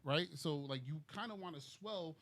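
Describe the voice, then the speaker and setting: A man's voice: on the high side, moderate pace, a bit bright. A man in casual sports chat, thinking aloud hesitantly and tagging his points with "right?". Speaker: podcast co-host.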